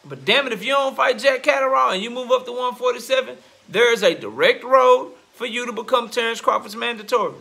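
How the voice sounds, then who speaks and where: A man hosting a boxing commentary channel, ranting bluntly and profanely in casual slang, growing louder and heated as he goes. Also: very high-pitched, brisk, vocal fry, hardly any pauses. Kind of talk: casual opinion rant.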